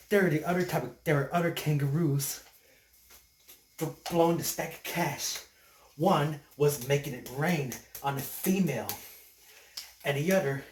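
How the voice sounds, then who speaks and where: A man telling a rambling comic story as a stand-up comedian, halting with many restarts. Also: on the high side, slight background noise. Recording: echoey room, mic at a distance.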